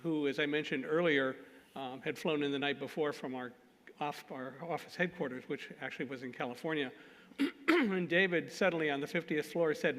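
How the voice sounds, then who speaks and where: At a conference hall, a man with a slightly high voice speaks at a normal speed, telling an animated story. He makes self-deprecating jokes and laughs at himself. The recording carries a long hall reverb.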